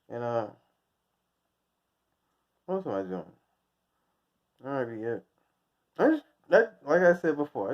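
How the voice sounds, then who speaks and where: A man from the United States ranting casually, rambling and crude, often breaking into laughter at his own jokes. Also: mid-range voice. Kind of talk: casual profane rant. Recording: dull lo-fi recording.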